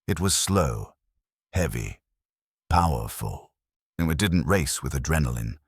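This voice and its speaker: A man's voice: a bass voice, animated, measured pace, husky, no echo, studio quality. A man giving brooding, theatrical scripted narration of a story.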